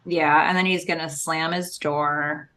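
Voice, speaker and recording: A woman's voice: deep voice, fairly even intonation, a little slow, bright, forceful tone, slight background noise. Playful woman co-hosting a podcast. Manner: playful, jumps into exaggerated character quotes. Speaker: podcast co-host. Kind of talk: casual recap chat.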